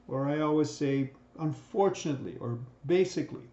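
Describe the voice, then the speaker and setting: Here the instructor's voice sits on the high side and is a little mellow, delivered at a moderate pace. He presents a recorded communication lecture in a conversational style, often asking "right?" and starting sentences over. The sound is roomy and dull.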